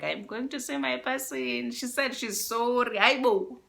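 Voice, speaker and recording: A young South African woman with a South African accent telling a storytime vlog, animated and switching between English and isiXhosa phrases. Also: on the high side, a little slow, gravelly. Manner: animated, mixes in isiXhosa phrases, addresses viewers as guys. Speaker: YouTuber.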